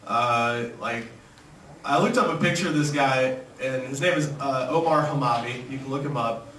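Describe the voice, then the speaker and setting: A man's voice: mid-range voice, moderate pace, a bit bright, a little hiss or hum. A man telling jokes at an open mic comedy night in a loose style, full of fillers. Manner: loose, filler-heavy storytelling. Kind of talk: stand-up comedy. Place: comedy club. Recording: echoey club from a distance.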